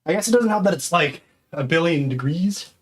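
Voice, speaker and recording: A man's voice: a little high, animated, brisk. A man streaming live, chatting casually and counting exercise reps aloud while out of breath.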